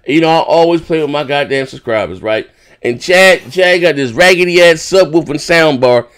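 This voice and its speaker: A man's voice: on the high side, normal speed, a bit bright, smooth. A man streaming live, telling rambling, profane stories to his subscribers in casual banter. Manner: profane, rambling storytelling with many fillers.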